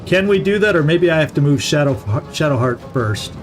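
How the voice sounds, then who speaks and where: A man's voice: fairly high pitch, animated, normal speed, over music. Chatty middle-aged man narrating gameplay. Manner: chatty, thinks aloud, repeats words when restarting. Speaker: gaming channel host. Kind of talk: casual let's-play commentary.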